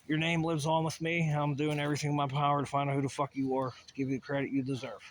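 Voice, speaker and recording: A man delivers a rambling, agitated monologue, swearing freely and jumping between asides. His voice sits a little high for a man. A faint hiss of noise runs under the recording. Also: a bit bright. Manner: profane, agitated ranting with many asides. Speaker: vlogger.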